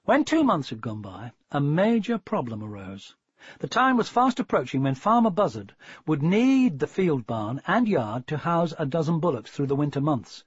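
Lively, husky male storyteller. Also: a little high, no room sound. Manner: expressive, measured storytelling. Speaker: narrator. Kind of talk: audiobook story narration. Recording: dull, dry lo-fi recording.

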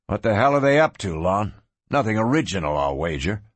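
A tough frontier sheriff, voiced by a man reading a western, clipped and commanding. The voice is husky and dry, with a lively rise and fall to the lines. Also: on the low side, a little fast, dry recording, voice pushed down.

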